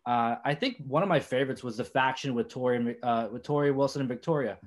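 A man's voice: mid-range voice, quick pace. A young man hosting an interview, asking long, hesitant questions full of fillers. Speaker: podcast host.

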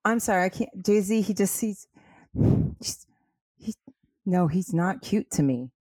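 A young woman co-hosting a podcast in casual chat, giggly and quick to defend herself in the banter. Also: medium pitch, lively intonation, a little mellow, slightly rough, no room sound. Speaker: podcast co-host.

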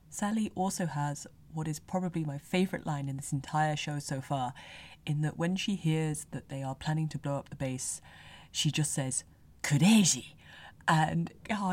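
Low-voiced woman reviewing anime. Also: a little mellow. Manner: chatty and analytical, explaining Japanese words. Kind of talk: casual spoken review.

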